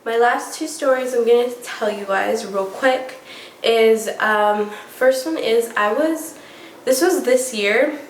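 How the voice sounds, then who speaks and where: A young woman vlogger telling a story casually and excitably, full of "like" and "oh my gosh". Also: a little high, takes it slowly, slight background noise. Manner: excitable, many fillers like "like" and "oh my gosh". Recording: echoey room.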